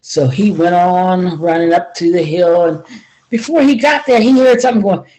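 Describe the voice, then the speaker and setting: An older woman telling a folk tale in a lively spoken way, acting out each character's lines. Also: normal speed, low-quality recording. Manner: lively, acts out each figure with big pitch jumps. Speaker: storyteller. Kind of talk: folksy spoken storytelling.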